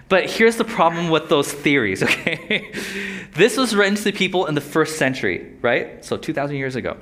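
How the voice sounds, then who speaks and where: Young guy preaching casually, keeps asking the crowd stuff, voice a bit on the high side. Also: a bit bright. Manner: conversational, asks the audience questions. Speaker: Bible teacher. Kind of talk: casual sermon teaching.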